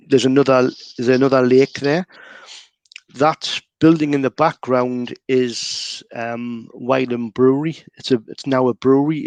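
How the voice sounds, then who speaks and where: A man with a Geordie accent explaining local words and places in a relaxed, chatty way, with plenty of fillers. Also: mid-range voice, dry recording. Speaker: local guide. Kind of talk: casual explanatory chat.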